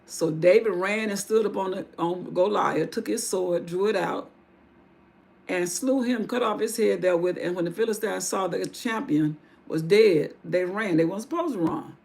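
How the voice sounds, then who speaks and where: A woman's voice: lowish voice, moderate pace, gravelly, darkish tone. A woman hosting a livestream, retelling a Bible story in casual everyday speech with asides. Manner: casual vernacular with restarts and asides. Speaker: livestream host.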